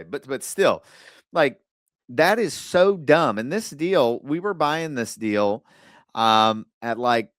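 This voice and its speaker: A man hosting a podcast, giving casual advice in a blunt, animated way with the odd curse word, acting out other people's lines in quick asides. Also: mid-range voice, no room sound, studio quality. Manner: blunt, animated storytelling with occasional swearing. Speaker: podcast host.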